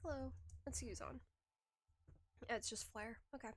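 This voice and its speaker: High-voiced woman chatting while gaming. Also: normal speed, a little hiss or hum. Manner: chatty and rambling, restarts and giggles. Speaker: streamer. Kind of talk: casual live-stream chat while gaming. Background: faint background music.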